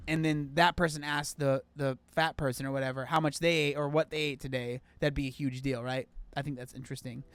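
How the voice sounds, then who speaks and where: A man's voice: on the high side, clear, resonant tone, no echo. A young man casually reads an article aloud and reacts to it in disbelief, using slang and a lot of fillers. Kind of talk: casual reading and commentary.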